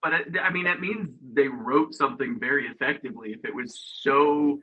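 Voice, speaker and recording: An excitable man co-hosting a podcast, often laughing. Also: medium pitch, brisk, husky, lo-fi sound. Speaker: podcast co-host. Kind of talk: casual chat.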